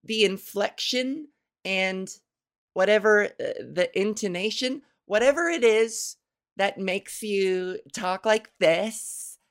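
A woman's voice: medium pitch, takes it slowly. A woman hosting her own podcast in casual solo chat, rambling and self-mocking and laughing at her own jokes, speaking into a microphone. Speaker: podcast host. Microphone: studio microphone.

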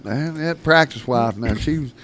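A man's voice: medium pitch, moderate pace, fairly bright tone. A man, a podcast guest telling rambling, folksy stories and laughing through them. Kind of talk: casual storytelling.

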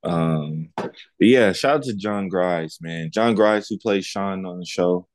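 A man co-hosting a podcast tells animated stories in casual chat, mimicking other people in high, raised voices. He speaks a little slowly, and there's no echo.

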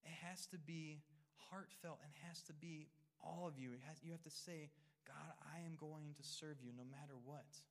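A man's voice: fairly high pitch, steady tone, moderate pace. A male pastor preaching a sermon, reading scripture and speaking earnestly to the congregation, often repeating and restarting words.

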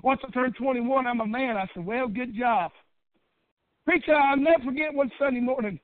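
A middle-aged man preaching a Baptist sermon in a fervent cadence that builds to shouting. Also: very high-pitched, normal speed, no room sound. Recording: dry, tinny phone-like church recording.

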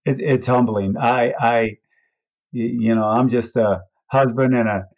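A man's voice: steady tone, a little slow, a little mellow, no room sound. An older man, a race announcer, telling a story and acting out the voices of the people in it. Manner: acts out quoted voices with big pitch swings. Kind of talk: animated storytelling. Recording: dull, dry recording.

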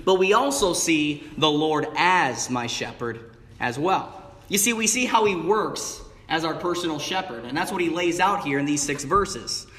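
Guy preaching a sermon, kinda high voice, long church echo, leans hard on key words. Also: fairly bright tone. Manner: emphatic preaching cadence, stretching key words. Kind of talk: evening sermon. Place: church sanctuary. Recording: long reverb of a hall. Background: congregation calling out replies.

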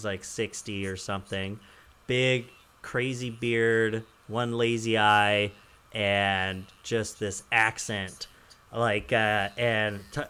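A man's voice: on the low side, bright, forceful tone, clear, resonant tone. Chuckling man telling a rambling story. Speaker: podcast host. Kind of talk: casual podcast chat.

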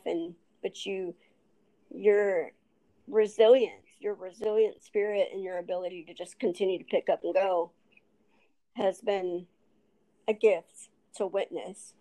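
A young woman host from New Mexico, raised in Texas, who has a speech impediment and talks warmly in a rambling way full of restarts. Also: mid-range voice, low-quality recording. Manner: rambling, with many restarts and laughs. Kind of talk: casual heartfelt chat.

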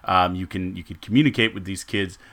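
Bright-voiced, lower-pitched man chatting sports. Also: steady tone, a little fast. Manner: rambling, joking, laughs often. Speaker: podcast co-host. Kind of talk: casual sports chat.

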